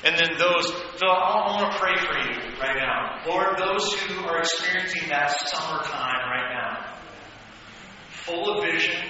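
A man's voice: fairly high pitch, bright, forceful tone. A man preaching a sermon as pastor, speaking conversationally and rising into fervent prayer. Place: church hall. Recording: echoey hall, dull sound, faint noise.

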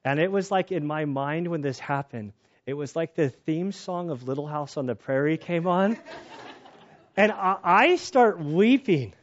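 A man preaching a sermon in a casual, conversational way, telling personal stories and getting animated when excited. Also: on the high side, a little slow, muffled recording. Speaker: pastor.

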